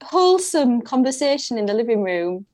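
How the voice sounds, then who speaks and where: A woman's voice: a little high, sing-song, normal speed, darkish tone. A woman comedian chatting as a podcast guest, telling rambling anecdotes with many restarts. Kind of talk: casual podcast chat.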